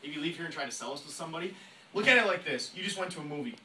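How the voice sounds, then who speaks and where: A man giving an energetic sales training talk to a room, fast and emphatic, often acting out phone calls. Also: on the high side. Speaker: network marketing trainer. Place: meeting room with audience. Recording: echoey room, voice from a distance.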